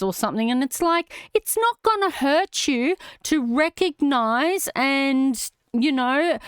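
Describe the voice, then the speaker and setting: A woman's voice: high-pitched, lively intonation, slow, hardly any pauses, dry recording, clean studio sound. A middle-aged Australian woman hosting a livestream, ranting indignantly and swearing as she reads comments aloud. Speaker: livestream host.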